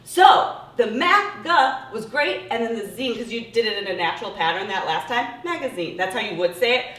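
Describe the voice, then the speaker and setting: A woman's voice: animated, normal speed, a bit bright, far from the mic. Encouraging female speech therapist. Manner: encouraging, demonstrating words with exaggerated pitch glides. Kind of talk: coaching voice exercises. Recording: roomy echo, a bit off-mic.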